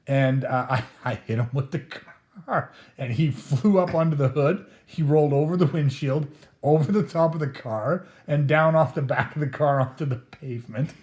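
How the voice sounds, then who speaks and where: A man's voice: a little high, moderate pace, a little mellow. A middle-aged man casually telling a rambling, profane anecdote, often chuckling as he talks. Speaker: storyteller host.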